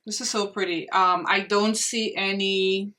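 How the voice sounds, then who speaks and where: A woman's voice: mid-range voice, fairly even intonation, measured pace, sharp tone, distant mic. A young woman reviewing makeup in a casual vlog, gushing and exclaiming to her viewers as if they were friends. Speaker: beauty vlogger.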